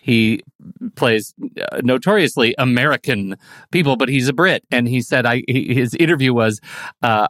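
A man on a podcast, telling a lively anecdote in casual chat. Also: mid-range voice, moderate pace, no echo, clean studio sound. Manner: animated anecdote-teller. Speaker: podcast guest. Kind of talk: casual storytelling.

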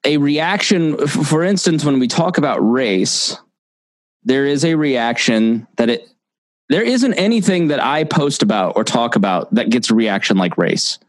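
A man's voice: medium pitch, animated, unhurried, no echo, poor audio. A man hosting a podcast in casual conversation, often restarting and repeating words as he talks. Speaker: podcast host.

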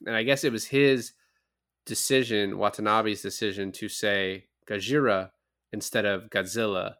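A young adult man co-hosting a casual movie podcast, recapping scenes with lively, profane commentary. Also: lowish voice, smooth. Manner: animated recapping with lots of swearing. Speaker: podcast co-host.

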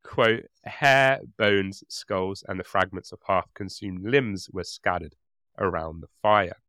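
A man's voice: low voice, slow pace, pushed and bright, no echo, studio quality. A man co-hosting a casual history podcast, reading grisly quotes aloud and often breaking into giggles. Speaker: podcast co-host and storyteller.

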